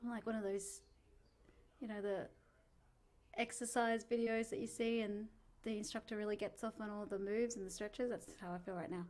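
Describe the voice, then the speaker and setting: Her medium-pitched voice moves at a moderate pace as this singing teacher guides a relaxed warm-up session. She's talkative and encouraging, with jokes at her own expense.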